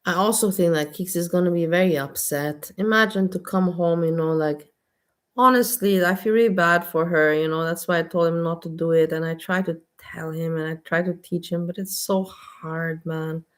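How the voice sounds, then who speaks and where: A woman's voice: lowish voice, steady tone, moderate pace. Blunt ranting woman vlogger. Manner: blunt, exasperated, repetitive. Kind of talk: casual ranting monologue.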